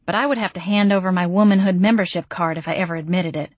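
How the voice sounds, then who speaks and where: A woman's voice: on the low side, quick pace, a little mellow, no room sound, muffled recording. A woman narrating a first-person audiobook in a wry, self-mocking way.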